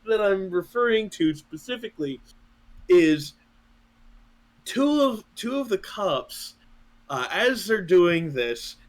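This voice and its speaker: A man co-hosting a podcast in casual chat, naturally loud, laughing often and acting out voices as he retells a skit. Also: high voice, big pitch swings, slow, long pauses. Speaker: podcast co-host.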